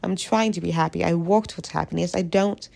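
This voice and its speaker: Fairly low-pitched and brisk, with a gravelly, darkish tone, this young woman vlogs casually while stuffed up with a cold. She rambles confessionally and pokes fun at herself.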